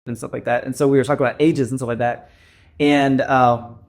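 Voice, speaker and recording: A man's voice: mid-range voice, level tone, a little fast. A man in his forties hosting a podcast, telling rambling anecdotes in casual chat and swearing freely. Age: 40s. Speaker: podcast host.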